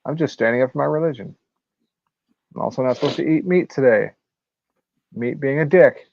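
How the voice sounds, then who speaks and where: A man's voice: medium pitch, fairly quick, gravelly, darkish tone, no echo, dull audio. A man on a casual sports podcast, laughing often and cracking crude jokes. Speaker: podcast co-host.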